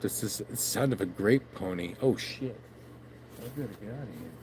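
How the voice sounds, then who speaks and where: A man's voice: on the low side, moderate pace. Guy rambling into his phone outside at night, swears a bunch, faint traffic way off. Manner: meandering, swears often, laughs at himself. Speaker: vlogger. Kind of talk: late-night casual rambling. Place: outdoors at night by his backyard shed.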